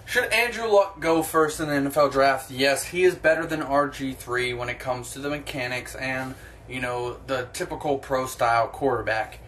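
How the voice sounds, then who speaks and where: A man's voice: mid-range voice, normal speed, fairly bright tone, slight background noise. A young man hosting his own sports opinion vlog, talking in a blunt, profane, ranting way. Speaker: sports vlogger.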